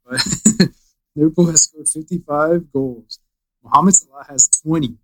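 A man's voice: on the high side, a little slow, fairly bright tone, low-quality recording. A man co-hosting a casual soccer podcast, running through match stats with jokes, often trailing off at the ends of lines. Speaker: podcast co-host. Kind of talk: casual sports chat, reading stats.

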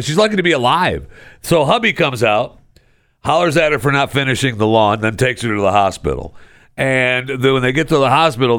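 A man hosting a podcast, telling news stories in casual solo commentary with a sarcastic, animated manner. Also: dry recording, clean studio sound. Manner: sarcastic, animated storytelling with big pitch jumps. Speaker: podcast host.

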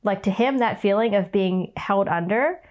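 A woman's voice: medium pitch, normal speed, darkish tone. A woman co-hosting a casual conversation, talking thoughtfully about her experiences. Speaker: podcast co-host.

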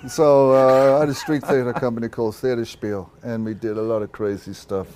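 An Irish-born actor in his sixties tells stories in a candid interview, reflective and self-deprecating, often restarting his sentences. His voice is medium-pitched, fairly even, and a little mellow, and he talks a little fast over slight background noise.

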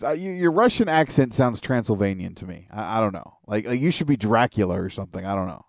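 A man's voice: on the low side, animated, fast, creaky, hardly any pauses, a little mellow, no echo. Blunt joking man on a dry mic. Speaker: podcast co-host. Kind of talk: casual wrestling talk.

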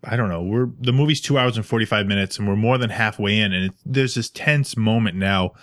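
Recorded with studio clarity and no echo, this man talks a little fast in a fairly low voice. He's co-hosting a podcast and spinning a casual story, performing each quote with energy.

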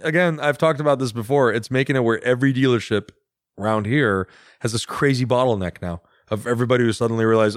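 A man talking quickly and eagerly on a podcast, teasing his co-host and rambling with enthusiasm. His voice sits in a middle register and sounds close and dry. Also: mid-range voice, no echo. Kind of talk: casual chat.

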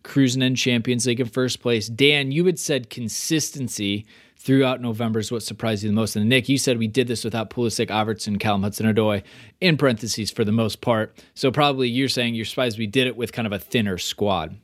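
A man hosting a casual podcast, talking energetically with fillers and quick restarts. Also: medium pitch, steady tone, no room sound, clean studio sound. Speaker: podcast host. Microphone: remote call microphone.

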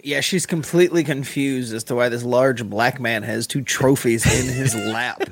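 A man's voice: mid-range voice, fairly even intonation, moderate pace, no room sound. A man co-hosting a podcast, making dry wisecracks. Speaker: podcast co-host. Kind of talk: casual podcast chat. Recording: loud noise and clicks.

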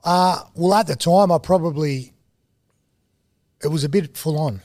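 A man in his thirties with an Australian accent, a TV host and former rugby league player, telling animated, slangy stories as a podcast guest. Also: a little high, a little slow, no room sound, clean studio sound. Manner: animated, laid-back storyteller, slangy. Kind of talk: casual storytelling interview.

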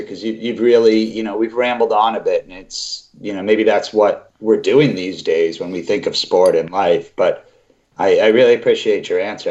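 Host from Boston, low-pitched man, rambling and hedging, dull lo-fi audio. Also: a little mellow. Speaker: podcast host. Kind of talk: casual chat.

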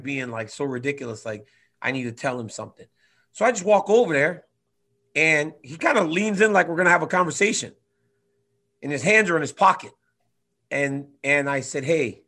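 Bright-voiced twenty-something guy, animated, chatty story telling, goes loud then soft. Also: fairly high pitch, brisk. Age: 20s. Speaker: guest fighter. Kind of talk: casual chat.

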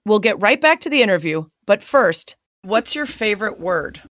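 A woman hosting a podcast, interviewing a guest and explaining word origins in a measured, explanatory way. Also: mid-range voice, big pitch swings, a bit bright, dry recording. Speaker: podcast host. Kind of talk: interview and scripted word-of-the-week segment.

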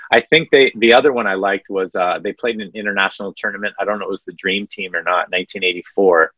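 Male podcast co-host, low-pitched, spins sports anecdotes in a casual chatty way; dry, muffled recording. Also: fast talker, few pauses, dry recording. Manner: storytelling, animated retelling of anecdotes.

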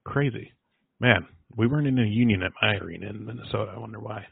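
A man's voice: on the low side, fast talker, vocal fry. Tinny-sounding man telling rambling stories. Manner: laughing storyteller, rambling anecdotes. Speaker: podcast host. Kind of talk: casual chat. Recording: dry tinny phone-like sound.

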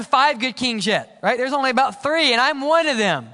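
A man preaching a sermon as pastor, swinging from loud exclamations to hushed, quiet lines. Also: very high voice, lively intonation, normal speed. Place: church sanctuary. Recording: church hall reverb.

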